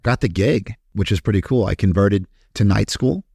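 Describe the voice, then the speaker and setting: Podcast guest from Kentucky, low-pitched man, animated and profane, dry close sound. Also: normal speed, vocal fry, husky, no room sound. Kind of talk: casual storytelling interview.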